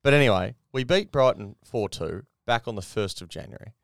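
A man's voice: lowish voice, expressive, brisk, vocal fry, no room sound, clean studio sound. A man co-hosting a podcast, chatting bluntly with crude banter. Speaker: podcast co-host. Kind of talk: casual chat.

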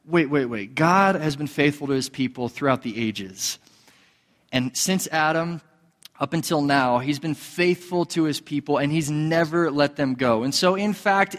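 A man's voice: on the high side, a bit bright. A man preaching a sermon in a conversational, storytelling way, with fillers and repeated words. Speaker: pastor. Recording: long hall reverb.

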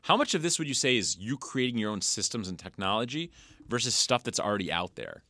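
Animated, jokey man hosting a podcast. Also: lowish voice, fast, no echo, studio quality. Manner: animated, jokey, laughs often. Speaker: podcast host. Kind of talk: casual interview.

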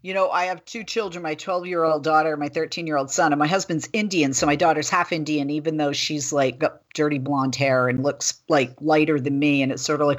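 A woman in her forties hosting a political talk radio show, chatting in an animated, storytelling way. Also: sits low, a little fast.

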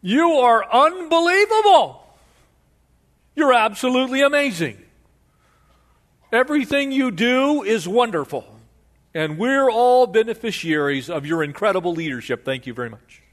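A man voicing an ancient lawyer who heaps over-the-top flattery on a governor. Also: very high voice, moderate pace, pitched above the performer's own voice, heavily acted. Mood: fawning.

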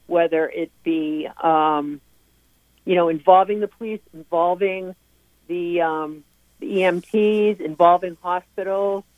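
In an interview, a middle-aged woman whose child is recovering from addiction speaks earnestly and emphatically in a fairly low voice, frequently restarting. There's no echo, and the sound comes through a tinny, dry phone line.

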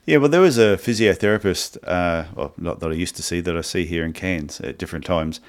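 An Australian man with a very low voice, chatting on a podcast. He tells stories in an easygoing, animated way and acts out the other people's lines as he goes. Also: a little fast. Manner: animated anecdotes, acts out dialogue. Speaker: podcast co-host. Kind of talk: casual podcast chat, storytelling.

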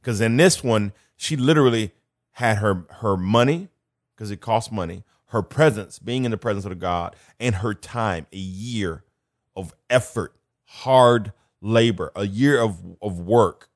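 A man's voice: fairly low pitch, unhurried, dry recording, clean studio sound. A man preaching a sermon in a conversational way, repeating key phrases for emphasis.

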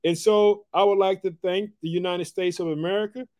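Pumped-up male podcast preacher, mellow tone. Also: high voice, a little fast. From Chicago, Illinois. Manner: energetic, repetitive, folksy, calls listeners "family" and "boy". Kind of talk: enthusiastic devotional podcast talk.

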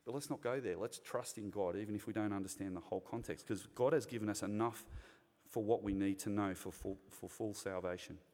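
A man with an Australian accent preaching a sermon to a congregation, chatty and direct, asking them questions and rising to loud, emphatic points. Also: on the low side, brisk. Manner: conversational, interacts with the congregation, builds to loud emphatic bursts. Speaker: pastor. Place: church hall. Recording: long reverb of a large hall.

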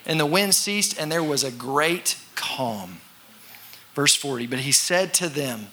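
A man preaching a sermon to a congregation, talking conversationally, acting out voices and sometimes shouting for effect. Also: on the high side, animated, normal speed. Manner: conversational with congregation call-and-response. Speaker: pastor.

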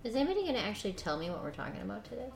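A woman's voice: medium pitch, very animated, very fast, gravelly, faint music behind. A woman co-hosting a casual podcast, teasing the others in a dry, wry way. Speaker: co-host and teacher. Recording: echoey room sound.

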